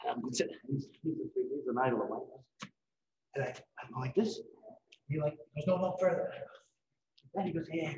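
A middle-aged man giving a live painting demonstration, telling lively anecdotes and acting out what others said. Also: mid-range voice, fairly quick, echoey room, lo-fi sound, slight background noise. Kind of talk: storytelling during a live demonstration. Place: event hall.

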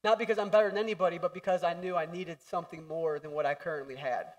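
Young male pastor with a high voice, animated and jokey, preaching on a stage mic. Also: quick pace, far from the mic. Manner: animated, jokey, acts out voices and shouts for emphasis. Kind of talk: sermon. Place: church hall.

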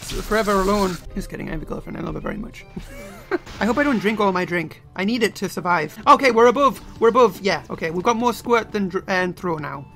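A young man doing playful, self-mocking commentary on his own gameplay, often breaking into sudden yells. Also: high-pitched, animated, a little fast. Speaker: let's play gamer. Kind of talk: game commentary. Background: game music.

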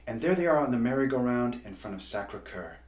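A man's voice: mid-range voice, animated, quick pace, a little mellow. A man who writes and illustrates children's books, reading a story aloud and then leading a drawing lesson with encouraging teacher talk. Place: home art studio. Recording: roomy studio.

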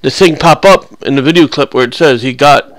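A man's voice: mid-range voice, fairly quick, dry recording. A young man giving casual, rambling, crude and joking voice-over commentary on his gameplay clips.

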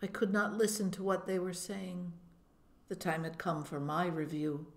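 A woman narrating an audiobook, telling the story in a measured way. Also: fairly low pitch. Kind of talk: audiobook reading. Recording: roomy echo.

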